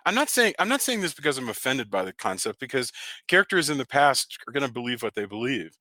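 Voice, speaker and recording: Bright-voiced man rambling about movies. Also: mid-range voice, sing-song, fast talker, dry recording. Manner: rambling, restarts often. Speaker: podcast co-host. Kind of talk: casual film review chat.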